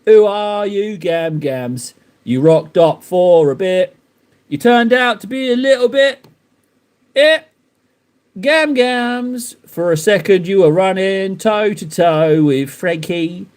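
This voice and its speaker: High-pitched and slow, a young man runs a live stream where he paints miniatures. He keeps up a casual, playful chat with his audience, breaking into mock-dramatic teasing.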